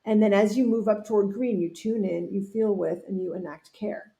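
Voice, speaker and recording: A woman guest on a podcast, telling an anecdote in an animated way, acting out what people said and often restarting her sentences. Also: mid-range voice, normal speed, gravelly, slight background noise. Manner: animated storyteller acting out quotes, frequent restarts. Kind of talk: storytelling in a podcast interview.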